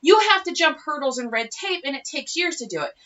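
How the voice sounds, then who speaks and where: A woman's voice: high-pitched, lively intonation, brisk, bright, forceful tone. A woman vlogger ranting in a sarcastic, profane, mocking way. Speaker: commentary vlogger. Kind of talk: casual political rant. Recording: dull, distant-sounding recording.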